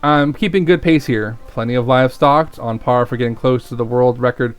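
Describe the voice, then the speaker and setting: A man's voice: mid-range voice, normal speed, smooth, faint music behind, close to an everyday voice. A man reading a terse rich gamer. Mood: curt. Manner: terse, focused.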